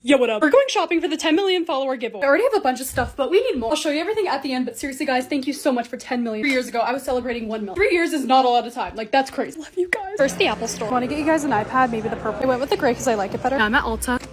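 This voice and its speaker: A woman's voice: high-pitched, lively intonation, very fast, few pauses. A young woman narrating her lifestyle vlog in a bubbly, upbeat, casual voice-over. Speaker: lifestyle content creator.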